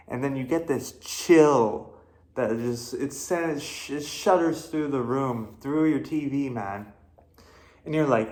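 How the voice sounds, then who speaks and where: A man's voice: mid-range voice, unhurried. Rambling, cursing man reviewing a film. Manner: rambling, profane, many fillers and restarts. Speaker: host.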